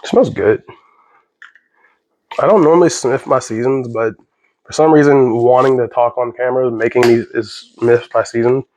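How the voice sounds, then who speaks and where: A man's voice: medium pitch, steady tone, normal speed, long pauses, a little mellow, a little hiss or hum. A young man in his kitchen, chatting casually and rambling with jokes as he cooks. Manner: rambling, jokey, easily sidetracked. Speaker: vlogger. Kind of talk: casual cooking vlog. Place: home kitchen.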